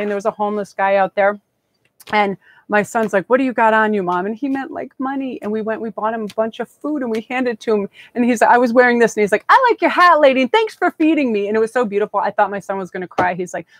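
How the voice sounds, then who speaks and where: A woman reads tarot on a live stream and gushes with excitement, her words tumbling out breathlessly. Her voice sits at an everyday middle pitch. The sound is close and dry, with no room around it. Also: no room sound. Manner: effusive, breathless, gushing. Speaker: tarot reader.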